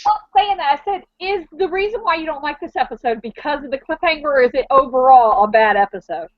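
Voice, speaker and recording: A woman co-hosting a casual fan podcast, enthusiastic and quick to push back with questions. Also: sits high, animated, dry recording. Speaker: podcast co-host. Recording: dry muffled lo-fi sound.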